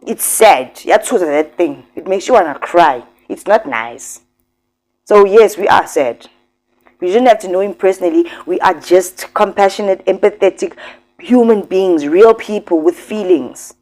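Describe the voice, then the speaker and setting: A woman's voice: fairly low pitch, unhurried, darkish tone. A woman hosting a commentary vlog, talking emphatically and straight to her viewers. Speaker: commentary host.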